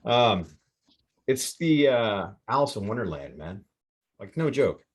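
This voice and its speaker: A man with a fairly low voice tells a story in loose, casual podcast chat. He swears constantly and gets worked up as he goes, jumping from thought to thought. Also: a little slow. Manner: profane, excitable, rambling. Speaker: podcast host. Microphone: remote call setup.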